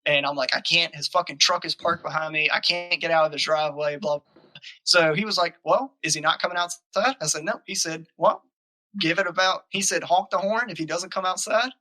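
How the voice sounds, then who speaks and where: A young man tells a story on a podcast. His voice is very bright and a touch high, and he swears constantly while acting out both sides of the argument. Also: a little fast, low-quality recording. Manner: profane, animated, acts out quoted arguments. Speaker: podcast guest telling a story. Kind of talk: casual storytelling.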